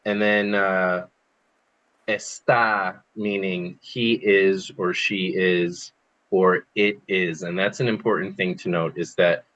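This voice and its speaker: A man teaching a small online language class through his computer mic. His voice sits fairly low, and he talks slowly and patiently. He explains each point and repeats phrases so the students can say them back. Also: level tone, fairly bright tone, muffled recording. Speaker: Spanish teacher. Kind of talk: online group language lesson.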